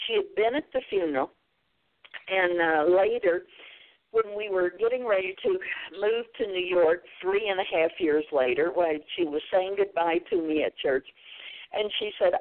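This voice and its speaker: A woman's voice: lowish voice, moderate pace. An older woman, a guest author on a faith talk show, telling a personal story in an earnest way and quoting scripture. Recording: phone-like narrow sound.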